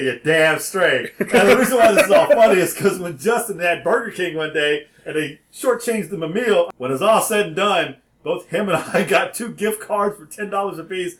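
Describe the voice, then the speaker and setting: A man telling a story in an animated way, acting out phone calls and sometimes rising to a shout. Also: high voice, brisk, few pauses, reverberant.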